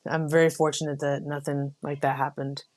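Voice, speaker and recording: A young adult woman from the United States, a Marine officer guest, telling stories in a relaxed, casual way with many fillers. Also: low voice, a little fast. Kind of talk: casual interview.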